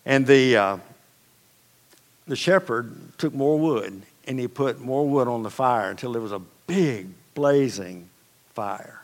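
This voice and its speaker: A man's voice: medium pitch, lively intonation, slow. A man preaching a sermon as pastor, telling stories in a conversational, folksy way with casual asides. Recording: long reverb of a large hall.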